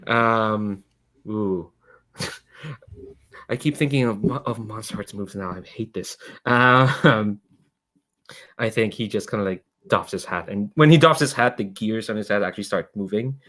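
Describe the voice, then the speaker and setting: A man's voice: on the low side, unhurried, fairly bright tone. A man running a tabletop game as game master, rambling casually and often laughing.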